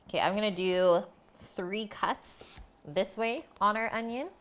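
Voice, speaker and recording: Cooking in her home kitchen on a live stream, a woman chats casually with viewers through a streaming mic. Her voice is medium-pitched and a little slow.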